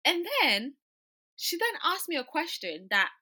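Young woman, twenties, bright and forceful tone, chatty storyteller who fills with "like" and "you know". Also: high voice, very animated, measured pace. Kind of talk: casual storytelling chat.

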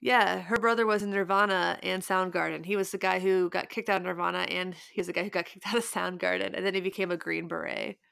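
A woman's voice: fairly low pitch, fairly even intonation, quick pace, vocal fry, hardly any pauses, a bit bright, clear, resonant tone, dry recording, studio quality. A young woman co-hosting a podcast in casual chat, rambling through her stories. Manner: chatty, rambling storyteller. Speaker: podcast co-host.

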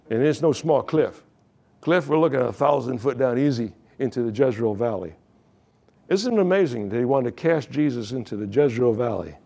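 A pastor preaching a sermon, reading scripture and retelling it with joking asides. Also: male voice, medium pitch, creaky, warm tone.

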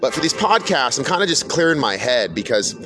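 A man's voice: mid-range voice, big pitch swings, fairly quick, music in the background. A middle-aged man delivering an unscripted podcast sermon, blunt and profane, repeating his warnings. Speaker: podcast preacher. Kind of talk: unscripted religious monologue.

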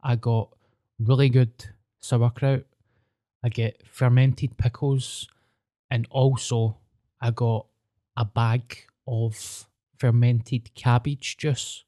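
A man's voice: mid-range voice, flat delivery, takes it slowly, warm tone, no room sound, studio quality. A young Scottish man in casual chat, telling stories with heavy slang and swearing. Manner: sweary, storytelling banter with broad slang.

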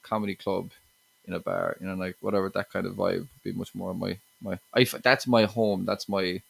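A man's voice: deep voice, flat delivery, a little fast, vocal fry, slightly rough. An Irish man from Limerick, a stand-up comedian as a podcast guest, talking casually with lots of restarts and 'you know what I mean'. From Limerick, Ireland.

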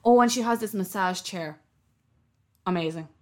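A woman co-hosting a podcast in casual chat, telling animated stories and acting out other people's voices with laughter. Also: medium pitch, moderate pace. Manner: animated storyteller, acts out voices with loud laughter. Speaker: podcast co-host.

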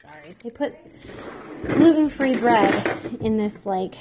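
A woman's voice: fairly high pitch, lively intonation, takes it slowly, noisy background. A woman in her thirties chatting casually to camera while baking, rambling and self-deprecating, laughing often. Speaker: vlogger.

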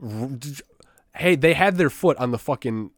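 A man's voice: on the high side, expressive, a little fast, no room sound, studio quality. A young man in casual chat who talks bluntly, swears a lot and bursts out with emphasis. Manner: blunt, profane, emphatic outbursts.

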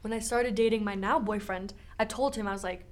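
A woman's voice: medium pitch, fairly even intonation, fairly quick, darkish tone. A young woman co-hosting a podcast, chatting casually and saying "like" a lot. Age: young adult. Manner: chatty, says "like" often. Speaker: podcast co-host. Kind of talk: casual chat.

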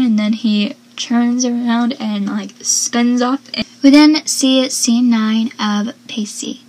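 A young woman talks through a TV episode in a loose, chatty way, leaning on lots of fillers as she goes. Her voice sits a little high and comes out breathy. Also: poor audio. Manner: chatty, filler-heavy, reads out quotes. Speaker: recap commentator. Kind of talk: casual chat recapping a TV episode.

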